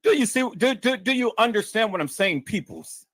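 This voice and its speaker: A man's voice: sits high, lively intonation, normal speed, a bit bright, dry recording. A man hosting a live stream, reading a report aloud in a dramatic way, stammering and repeating words as he calls out to his viewers.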